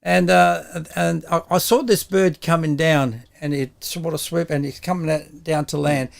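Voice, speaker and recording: Gravelly older Australian man telling stories. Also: a little high, steady tone, moderate pace. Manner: rambling, laughs often while telling stories. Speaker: guest. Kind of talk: casual storytelling chat.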